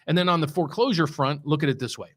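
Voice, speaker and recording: Chatty man talking mortgages, slightly high. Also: quick pace, a bit bright. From West Virginia. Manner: rambling, repeats words, stresses key points. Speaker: mortgage loan officer, show host. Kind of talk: casual unscripted market commentary.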